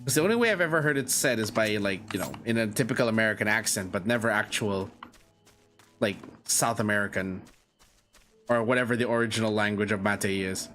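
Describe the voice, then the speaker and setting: A man's voice: on the low side, a little fast, a bit bright. A male streamer chatting casually while playing, musing aloud with fillers. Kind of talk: casual gameplay commentary. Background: faint game music.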